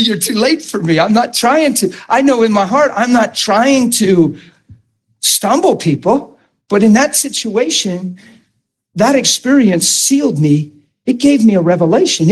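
A man preaching a sermon, telling a personal story with excited, emphatic delivery and frequent stammered restarts. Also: sits high, breathy edge, poor audio.

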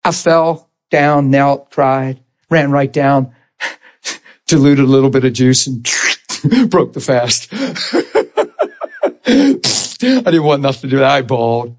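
Animated, storytelling male preacher. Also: medium pitch, slow, pauses often. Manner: animated storytelling, acting out dialogue and laughing at himself. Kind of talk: sermon with personal testimony.

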